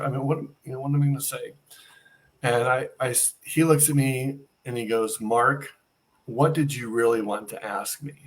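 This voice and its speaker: A man's voice: mid-range voice, fairly even intonation, normal speed. A middle-aged man telling a personal story as an interview guest, acting out the dialogue he quotes.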